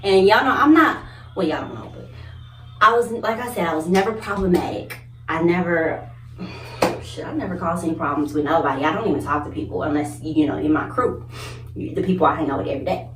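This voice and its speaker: A young woman vlogger telling a story in casual chat, animated, cursing and acting out the people in it. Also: fairly low pitch, brisk, noisy background. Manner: animated, swearing, laughing, acts out others' voices. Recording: echoey room, mic at a distance.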